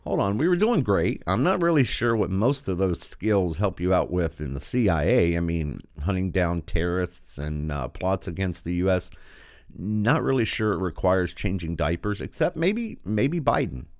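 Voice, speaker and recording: Sarcastic low-voiced male commentator. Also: big pitch swings, normal speed, darkish tone, no echo, clean studio sound. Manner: sarcastic, incredulous, interrupting. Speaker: commentator reacting to a video.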